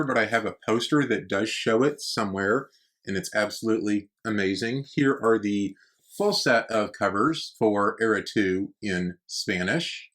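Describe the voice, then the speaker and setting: A man with a fairly low voice hosts a casual collecting vlog. He talks in an easygoing, enthusiastic way, saying "y'all" as he walks through his shelf. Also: fairly bright tone. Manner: enthusiastic, conversational, uses "y'all". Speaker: book collector channel host. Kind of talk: casual show-and-tell vlog.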